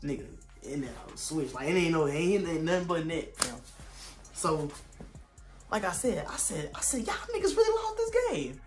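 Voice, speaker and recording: A young man tells a story in a loose, slangy vlog. His voice sits a bit high for a man, and he gets loud and animated when he acts out what he said. Faint music plays underneath. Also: moderate pace. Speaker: vlogger. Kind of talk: casual storytelling.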